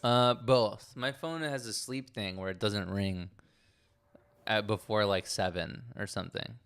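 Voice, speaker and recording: A man's voice: on the low side, a little slow, a bit bright, smooth. A man co-hosting a podcast in casual chat, blunt and laid-back. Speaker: podcast co-host.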